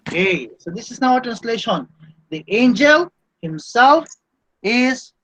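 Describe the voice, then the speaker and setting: A man's voice: very high voice, big pitch swings, a little slow, fairly bright tone, breathy edge, poor audio. A man teaching a Greek grammar class, repeating words and checking in with "no?" and "okay?". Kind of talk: classroom lesson.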